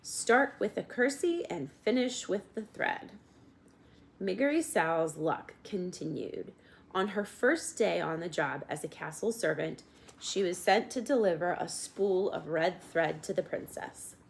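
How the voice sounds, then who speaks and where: A woman narrating a storybook in a gentle, measured way, at times addressing the reader directly. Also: on the low side, animated, gravelly. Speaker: audiobook reader.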